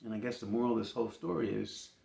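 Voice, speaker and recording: A man casually telling an embarrassing personal story, animated and laughing as he goes. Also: fairly low pitch, racing, gravelly. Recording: roomy echo.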